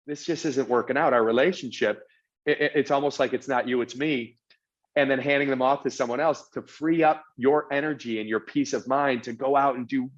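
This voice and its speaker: A man speaking at an ordinary pitch for a man, as a guest on a podcast. He talks earnestly in a casual chat and keeps stumbling over the first words of his sentences. The audio sounds a little dull and lo-fi. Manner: earnest, repeats words when starting sentences. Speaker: podcast guest, real estate executive.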